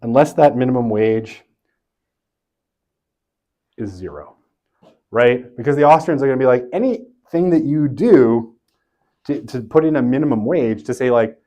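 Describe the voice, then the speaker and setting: A man lectures a university class in an easygoing, conversational manner. His voice sits in a middle pitch, and he keeps tagging his points with quick checks to his listeners. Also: lively intonation, dark tone. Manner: conversational, tags points with "right?".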